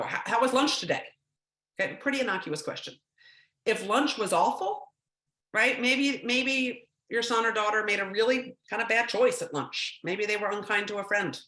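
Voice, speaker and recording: A woman's voice: mid-range voice, bright, forceful tone, roomy sound. A woman giving a talk to parents, conversational and often checking in with "right?", now and then acting out short quotes. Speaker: speaker on teen mental health.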